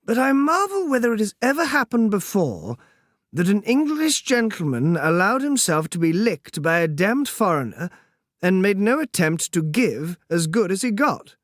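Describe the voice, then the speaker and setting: Man putting on a foppish English gentleman, higher voice, sleepy affected drawl, weak, storybook reading. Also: sing-song, normal speed, no room sound, clean studio sound. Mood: amused drawl. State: weak and sore.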